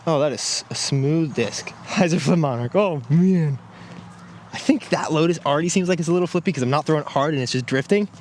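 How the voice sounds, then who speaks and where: This man, a disc golf reviewer, has a fairly high-pitched, somewhat dark voice and talks briskly. He offers relaxed commentary while throwing on an outdoor course, reacting aloud to each shot, recorded in the field with a little faint noise.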